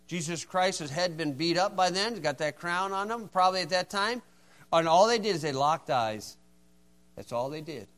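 Male preacher, fairly high voice, folksy, moves from hushed asides to loud, forceful acted lines. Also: animated, moderate pace. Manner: folksy storytelling, acts out dialogue, swings from hushed to shouting. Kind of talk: sermon.

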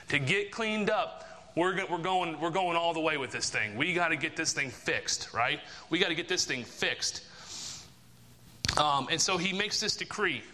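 This sermon comes from a man with a fairly high, bright, forceful voice, echoing with the long reverb of a big hall. He hammers home key phrases through repetition and keeps throwing rhetorical questions at the listeners.

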